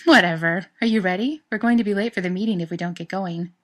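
A woman's voice: mid-range voice, quick pace, fairly bright tone, lightly acted. A woman voicing a sassy female professor who teases her friend dryly. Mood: teasing. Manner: teasing, dry.

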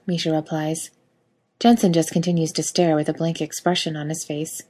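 A woman reading a fan fiction story aloud with wry, lively storytelling. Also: low-pitched, moderate pace. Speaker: reader.

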